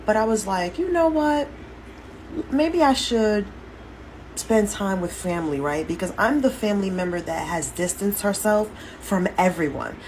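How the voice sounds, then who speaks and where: A woman's voice: mid-range voice, expressive, measured pace, darkish tone, low-quality recording. Woman ranting and rambling to her followers on a phone, lots of swearing, faint hiss behind. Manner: candid, rambling, heavy swearing. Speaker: social media poster. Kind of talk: casual vlog to followers.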